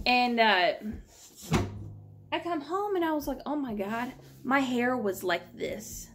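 A young adult woman vlogger at home, telling a long story in an animated, rambling, exasperated way. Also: a little high, creaky, a little hiss or hum. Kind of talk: casual storytelling vlog.

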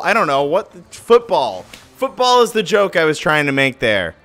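A male streamer ranting at home over his game, his bright, edgy voice leaping from loud outbursts down to low grumbles. He swears constantly, and faint game music plays behind him. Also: huge pitch swings, normal speed, few pauses. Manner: swearing, swings from shouting to muttering. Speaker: live streamer. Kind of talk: profane rant-style game commentary.

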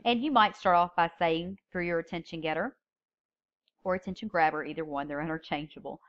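A woman's voice: on the low side, brisk, muffled recording. A woman teaching a public speaking class, explaining step by step and stressing key words when she reads example openings. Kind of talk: recorded lecture.

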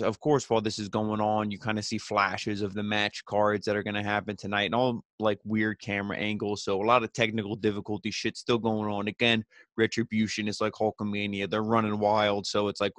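A young man talks in a low voice, rambling through a recap with lots of fillers and casual swearing. The sound is dry and close, with no room around it. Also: little pitch movement, fairly quick, a bit bright, dry recording. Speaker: podcast host reviewing wrestling.

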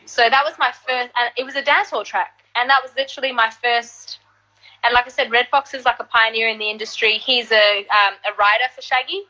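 A woman singer telling stories in an animated, casual way during an interview. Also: a little high, brisk, rough recording. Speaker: singer and guest artist.

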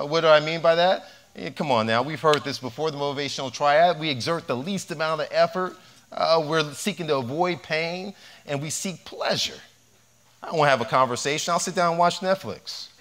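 A man who is a cardiologist giving a health lecture, animated and telling humorous stories. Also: on the high side.

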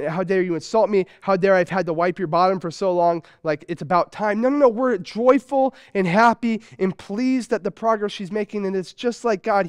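A man's voice: high voice, a little mellow, smooth, no room sound, studio quality. A man in his thirties preaching a sermon in a conversational way, weaving in a family story. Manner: conversational preaching with personal stories. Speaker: pastor. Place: church sanctuary.

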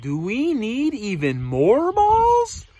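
A man doing a slow, wondering elephant. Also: extremely high pitch, huge pitch swings, mellow, heavily acted. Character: puzzled, earnest elephant, male. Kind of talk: read-aloud storybook.

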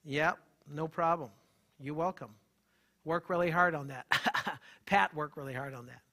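A man, a holistic health practitioner, gives an animated, emphatic live talk and banters with the audience in the room. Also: fairly high pitch, measured pace.

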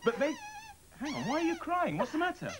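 Man, children's TV presenter, high voice, lively, playful coaxing, noisy recording. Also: a little fast.

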